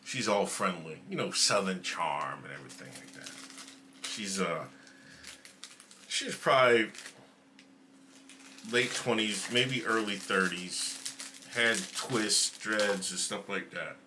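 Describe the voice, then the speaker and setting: A man's voice: lowish voice, takes it slowly, long pauses, slight background noise. A man hosting a casual livestream, telling stories with bursts of laughter and snacking while he talks. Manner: animated storytelling with laughs; snacking and chewing while talking. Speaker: show host.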